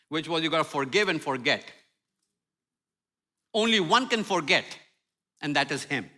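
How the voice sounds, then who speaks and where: An older man with a high voice is the guest preacher in a church sanctuary. Funny and animated, he acts out prayers and apologies during his sermon.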